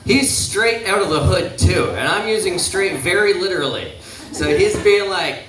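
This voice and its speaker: A man's voice: a little high, lively intonation, normal speed, a crowd in the background. A young man performing a rambling, self-deprecating stand-up set in a small pub, often trailing off and restarting. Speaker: stand-up comedian. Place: small pizza pub stage. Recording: echoey room, far from mic.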